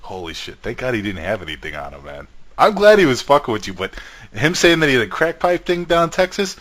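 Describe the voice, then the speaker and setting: A man's voice: medium pitch, very animated, quick pace, a bit bright. A man in casual chat who reacts to a story with short swears and questions.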